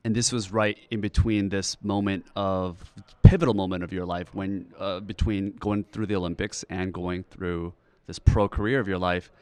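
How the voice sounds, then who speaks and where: A man's voice: deep voice, fairly even intonation, moderate pace, hardly any pauses, darkish tone, clean tone, no echo. A man hosting an interview podcast, asking eager, rambling questions. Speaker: podcast host.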